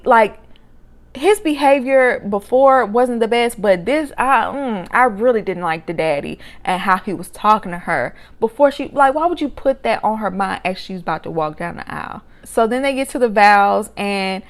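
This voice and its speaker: Chatty woman doing a reality tv recap, sassy and opinionated, voice shoots up when she reacts. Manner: expressive, sassy, with sharp jumps up in pitch when exclaiming. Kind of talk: casual opinionated commentary.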